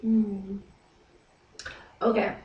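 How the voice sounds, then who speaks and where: A woman's voice: medium pitch, little pitch movement, very slow, recorded from a distance, dull audio, slight background noise. Chatty young woman, echoey room. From United States. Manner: chatty and dramatic, lots of fillers. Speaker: vlogger, English teacher in Korea. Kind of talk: casual talk to camera. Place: small windowless apartment room. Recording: echoey room, away from the mic.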